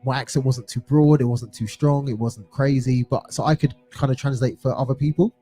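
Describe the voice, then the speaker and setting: A man's voice: medium pitch, fairly even intonation, fairly quick, warm tone. A young man with an English home counties accent, chatting casually as co-host of a music show and rambling with restarts. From England. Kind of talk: casual chat. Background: music playing.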